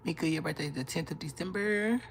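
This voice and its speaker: A woman's voice: low voice, quick pace, a little hiss or hum. A woman in her thirties hosting a casual live stream from her bedroom, teasing her viewers playfully and laughing often as she reads their comments. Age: 30s. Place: bedroom, in bed.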